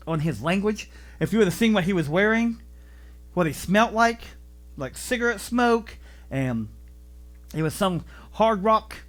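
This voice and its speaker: A male pastor delivers a sermon in a church with a lively, swooping voice. He tells stories animatedly, jumping into voices and bursts of emphasis. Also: high-pitched. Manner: animated storytelling, acting out voices. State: vertigo, deaf in left ear.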